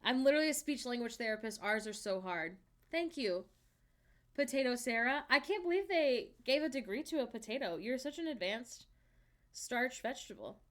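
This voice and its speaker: A woman's voice: on the high side, lively intonation, moderate pace, fairly bright tone. A woman in her thirties streaming and chatting casually with her viewers, reading their comments aloud and answering with frequent laughs. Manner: chatty, laughs often, reads and answers chat.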